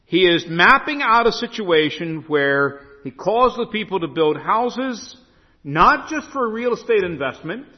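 A man preaching a sermon, telling stories and reading scripture slowly with emphasis. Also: high-pitched, husky, in a large hall, muffled recording. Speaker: pastor.

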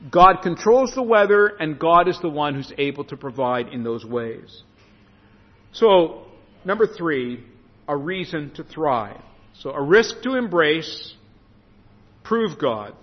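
A pastor preaching in a church, his pitch swinging up and down and his delivery animated. His voice is a touch higher than most men's. It rings out with a long hall reverb, and the sound is slightly dull and lo-fi. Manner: preaches with lively rises, slows for scripture. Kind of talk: sermon.

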